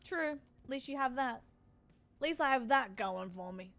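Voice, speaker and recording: A woman's voice: high voice, lively intonation, moderate pace, a bit bright. An Australian woman in her forties, streaming and chatting casually with her viewers, teasing and joking as she answers chat. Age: 40s.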